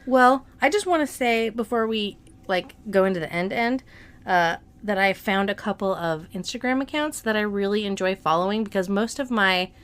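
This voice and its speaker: A woman's voice: mid-range voice, moderate pace, fairly bright tone, clean tone. A middle-aged woman co-hosting a podcast in loose, profane, joking casual chat. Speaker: podcast co-host.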